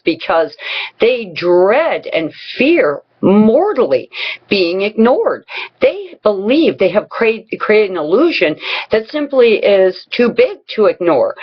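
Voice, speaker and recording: A woman with a low, husky voice tells personal stories on a vlog. She talks in a blunt, profane, conversational way. The recording sounds dull and lo-fi. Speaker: vlogger. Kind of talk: personal storytelling advice vlog.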